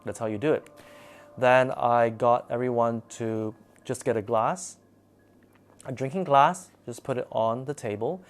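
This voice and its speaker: A man telling a spooky personal story in a casual, animated and dramatic way. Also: medium pitch, a little slow.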